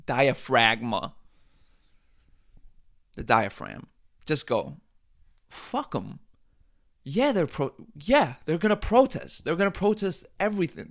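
A man with a somewhat high voice hosts a casual comedy podcast. He rants in a loose, rambling way, swears freely and often breaks off to restart a thought. His delivery is animated, swinging from loud bursts to low mutters. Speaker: podcast host.

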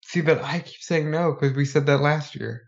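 Excitable man on a muffled mic. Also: a little high, normal speed, creaky. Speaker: podcast co-host. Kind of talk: casual wrestling chat.

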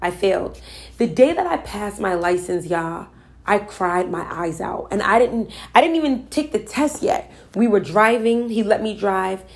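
A woman telling a personal spiritual story, her voice at a middle pitch. She speaks earnestly and emphatically in a loose conversational way, circling back and repeating words for effect. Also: animated, moderate pace. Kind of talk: personal storytelling about manifesting.

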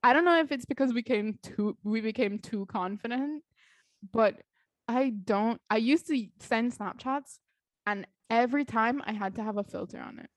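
A young woman chatting casually with a friend, blunt and excitable, often laughing. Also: fairly high pitch, normal speed, no echo. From French background. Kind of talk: casual chat.

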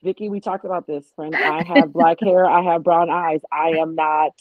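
A woman chatting casually as co-host of a reality-show recap, opinionated and animated, slipping into voices when she quotes people. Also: low-pitched, normal speed, no room sound. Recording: dull lo-fi audio.

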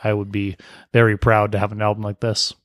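A man co-hosting a podcast in casual chat, teasing his partner in a deadpan way. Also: on the low side, brisk, dry recording, clean studio sound. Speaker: podcast co-host.

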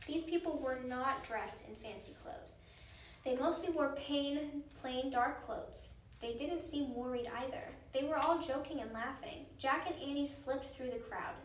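A woman reading a children's book aloud in a gentle, expressive way. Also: sits high, reverberant, recorded from a distance, slight background noise. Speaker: reader.

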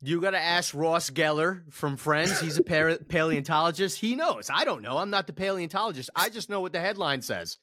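A man's voice: a little high, animated, fairly quick, few pauses, pushed and bright. A man co-hosting a sports podcast, chatting casually and laughing often at jokes. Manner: joking, laughs a lot. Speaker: podcast co-host.

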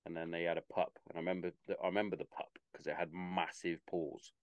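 Low-voiced man bantering. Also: level tone, fast, dry recording, muffled recording. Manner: laid-back, sweary, brief banter. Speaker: podcast co-host. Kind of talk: casual pub chat.

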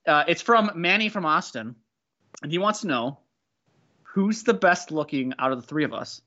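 A man's voice: fairly high pitch, expressive, moderate pace, bright, forceful tone, lo-fi sound. A man co-hosting a casual soccer podcast, chatting and joking with friends. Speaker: podcast co-host. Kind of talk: casual chat.

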